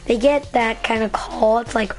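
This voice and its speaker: A woman vlogger telling a story in a rambling, excitable way, full of fillers. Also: fairly high pitch, normal speed, faint music behind. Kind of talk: casual storytelling vlog.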